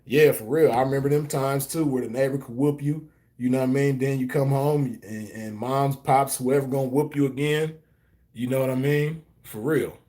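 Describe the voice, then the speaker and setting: A man's voice: mid-range voice, steady tone, moderate pace, dark tone. A man hosting a stream, telling a story in a loose casual monologue and answering chat, with lots of "you know what I mean" fillers. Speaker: host reading chat comments.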